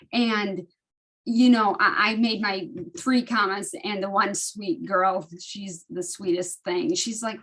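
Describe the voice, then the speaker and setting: A woman in her fifties sharing personal stories in a study group over a video call, animated and emotional, often restarting her sentences. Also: medium pitch.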